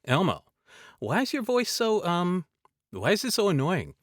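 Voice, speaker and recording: A man's voice: sits high, wildly swooping pitch, moderate pace, no echo, studio quality. A man hosting a casual voice tutorial, joking around and demonstrating sounds aloud as he explains. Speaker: voice-over coach and show host.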